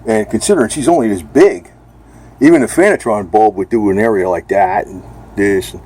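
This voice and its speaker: Rambling husky-voiced man talking at home. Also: fairly low pitch, moderate pace, darkish tone. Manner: rambling, blunt, talks to his cat. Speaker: vlogger. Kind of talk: casual home video talk.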